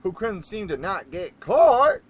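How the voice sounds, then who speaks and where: A man hosting an internet radio show in casual talk, rambling and animated, laughing often and swinging between loud bursts and hushed asides. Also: sits high, measured pace, low-quality recording.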